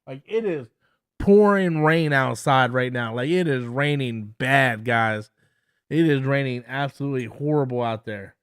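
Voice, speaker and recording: A man's voice: mid-range voice, unhurried, smooth, no room sound, studio quality. A man hosting a casual live-stream review at home, talking enthusiastically and often stumbling over and repeating his words. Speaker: show review host.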